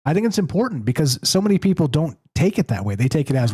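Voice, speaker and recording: A man hosting a call-in show, talking in an animated, emphatic way about ideas. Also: a little high, quick pace, slightly rough, dry recording. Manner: animated, emphatic, rising to exasperated. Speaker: show host. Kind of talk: casual call-in chat.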